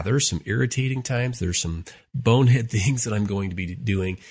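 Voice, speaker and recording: Low-voiced man co-hosting a marriage podcast. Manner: earnest, warm storyteller with many fillers. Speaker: co-host, marriage therapist. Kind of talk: casual podcast conversation.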